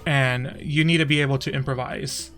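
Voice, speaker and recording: Chatty young man from Texas, bright voice. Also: mid-range voice, steady tone, normal speed, faint music behind. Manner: chatty, laughing often, trailing off. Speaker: streamer. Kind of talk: casual stream commentary.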